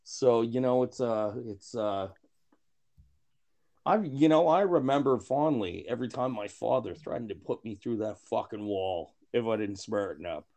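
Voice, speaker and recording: A man's voice: mid-range voice, lively intonation, moderate pace, warm tone. A man chatting casually on a podcast, telling self-mocking jokes in a rambling, profane way full of restarts. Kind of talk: casual chat.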